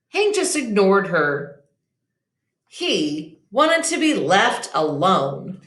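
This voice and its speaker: A woman teacher reading a children's picture book aloud, slow and expressive, in an echoey room. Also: mid-range voice.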